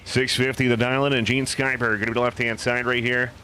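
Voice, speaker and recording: A man announcing a live drag race, calling lanes, reaction times and winners quickly and playfully. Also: mid-range voice, flat delivery, pushed and bright, a little hiss or hum. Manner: fast, upbeat, joking between races. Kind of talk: live drag racing commentary. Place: outdoor drag strip.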